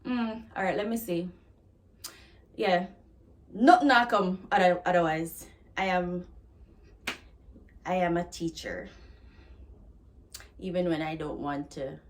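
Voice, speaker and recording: A woman's voice: on the low side, takes it slowly, long pauses, a little hiss or hum. A woman from Jamaica with a Jamaican accent, teaching patois phrases in a chatty, casual lesson and laughing at herself now and then.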